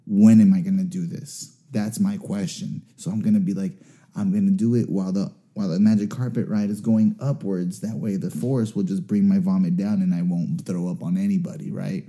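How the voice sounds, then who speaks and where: Young man, very dark mellow tone, profane and self-mocking, casual storyteller. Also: deep voice, fairly even intonation, fairly quick.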